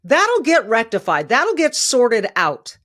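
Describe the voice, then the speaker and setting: A woman's voice: a little high, huge pitch swings, takes it slowly, fairly bright tone. A middle-aged woman hosting a podcast, delivering emphatic opinion commentary and repeating phrases for stress. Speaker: podcast host.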